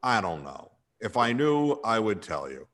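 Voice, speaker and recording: A man's voice: lowish voice, big pitch swings, measured pace, fairly bright tone. A man hosting a comedic sports talk radio show, sardonic and irreverent, with frequent sighs.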